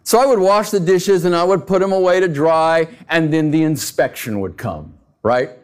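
A man preaching a sermon as a pastor, talking to the congregation in an animated, conversational way with frequent rhetorical questions. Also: on the high side, normal speed, clean tone.

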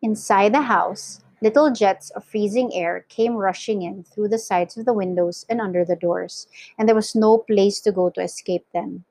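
A woman reading a children's novel aloud for a class, in clear, steady storytelling narration. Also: mid-range voice, moderate pace, hardly any pauses, no room sound, low-quality recording. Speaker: reader for an English class.

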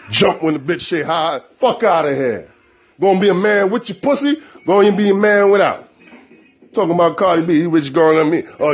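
A man's voice: high voice, breathy edge. A man hosting a show, delivering an aggressive, profane monologue in a confrontational manner. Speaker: show host.

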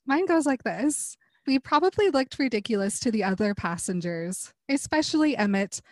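A woman's voice: on the high side, dry recording, rough recording. A woman co-hosting a book chat, laughing easily and reading passages aloud. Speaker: book club podcast co-host.

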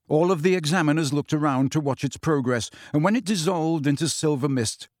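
A man reading audiobook narration in a measured, even storytelling manner, close to the mic. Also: a little high, no room sound. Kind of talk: scripted narration.

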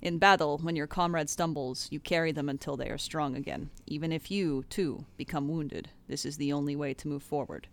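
Woman reading sober male warrior, measured, low voice. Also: fairly even intonation.

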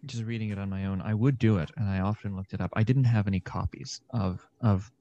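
A man's voice: lowish voice, steady tone, fast talker, mellow, dull audio. A young man, an actor and podcast guest, talking through ideas in a thoughtful, meandering way with many fillers. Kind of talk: casual conversation.

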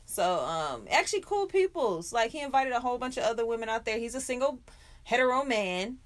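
A woman's voice: a little high, expressive, fairly quick. A woman co-hosting a podcast in casual chat, frank and profane, laughing often. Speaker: podcast co-host.

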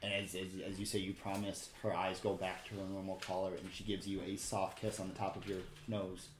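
A man's voice: sits low, little pitch movement, a little fast, roomy sound, a little hiss or hum. A man running a tabletop game as game master, narrating loosely with casual fillers.

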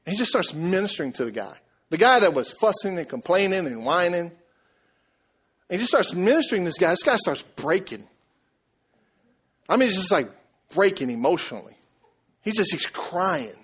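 A male pastor delivers a sermon. He mixes storytelling with quick questions to the room, animated and conversational. His voice sits slightly high for a man. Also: breathy edge.

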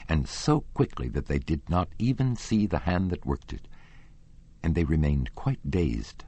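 Deep, husky male audiobook narrator. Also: darkish tone, dry recording. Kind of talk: classic novel audiobook narration.

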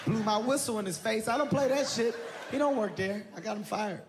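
High-pitched man doing animated stand-up. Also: fast, very noisy. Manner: animated storytelling, acting out voices and shrieks. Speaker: stand-up comedian. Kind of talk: stand-up comedy routine. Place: theater stage before an audience. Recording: live show with loud crowd laughter.

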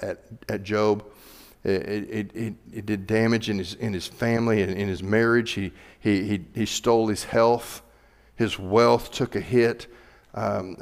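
A male pastor preaching a sermon in a church, animated, building to loud emphatic peaks. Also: fairly low pitch. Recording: reverberant hall.

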